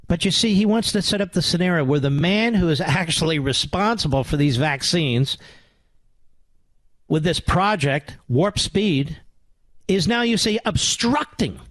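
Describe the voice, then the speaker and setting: A middle-aged man hosting a talk radio show, ranting with sarcasm and swinging between loud outbursts and low mutters. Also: dry recording. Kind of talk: angry talk radio monologue.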